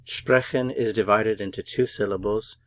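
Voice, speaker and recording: A man's voice: lowish voice, steady tone, moderate pace. A man teaching a beginner language lesson, patiently repeating each word several times and sounding it out syllable by syllable. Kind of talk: slow, syllable-by-syllable pronunciation lesson.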